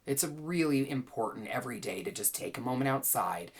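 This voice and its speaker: A woman teaching a well-being class, gently and playfully guiding listeners through calming exercises with easy laughs. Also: rumbling low, normal speed, hardly any pauses, husky. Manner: playful, chatty, laughs easily. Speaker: wellness teacher and author.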